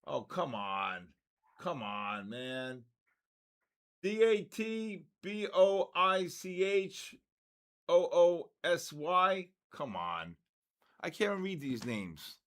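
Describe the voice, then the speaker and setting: A man in his sixties hosts a trading livestream, joking and exasperated as he spells out viewers' names letter by letter in casual chat. His voice sits on the high side, with lively intonation, a slow pace, and a fairly bright tone.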